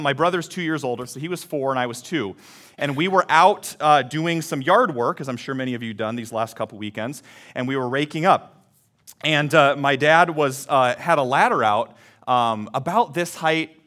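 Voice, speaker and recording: Man, 30s, pastor, conversational sermon storyteller, slightly higher voice. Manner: lively, conversational, calls for congregation responses.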